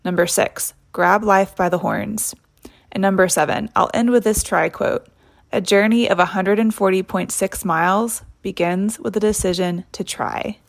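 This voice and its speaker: A woman's voice: medium pitch, steady tone, moderate pace, creaky. A young woman from Tennessee hosting a podcast, telling a personal story in a casual, reflective way and saying "like" often. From Tennessee, USA. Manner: casual, reflective, heavy use of "like". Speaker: podcast host.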